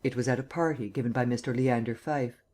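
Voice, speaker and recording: A man's voice: medium pitch, fairly even intonation, fast talker, darkish tone, natural voice. A man reading a cold, formal prosecutor. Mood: cold, probing. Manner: level, cold questioning. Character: stern district attorney, cold and formal.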